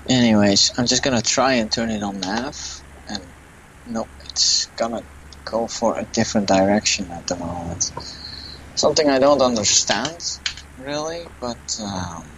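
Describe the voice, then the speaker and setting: A young man with a Dutch accent talks through a flight simulator session, thinking aloud and admitting what he doesn't know. His voice sits on the low side. A faint hum of game ambience runs underneath. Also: unhurried, fairly bright tone, rough recording. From Netherlands. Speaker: flight sim gamer. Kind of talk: casual gameplay commentary.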